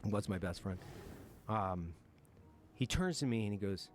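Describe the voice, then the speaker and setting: A man with a fairly low voice tells his combat stories candidly in an interview. He talks in a blunt, profane way, turns reflective, and laughs nervously now and then. Faint noise sits behind him. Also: expressive, normal speed. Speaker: military veteran guest. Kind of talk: candid war storytelling in a podcast interview.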